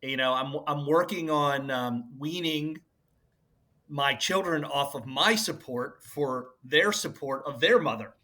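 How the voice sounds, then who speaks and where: A man's voice: on the high side, a little slow, bright, forceful tone. A middle-aged man co-hosting a podcast, chatting casually and rambling about family. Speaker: podcast co-host. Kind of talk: casual chat.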